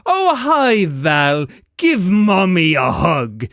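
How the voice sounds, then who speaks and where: A man voicing a monstrous mother who sounds falsely chipper in a high sing-song voice. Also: wildly swooping pitch, drawn-out words, no echo, clean studio sound, heavily acted. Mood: menacing sweet.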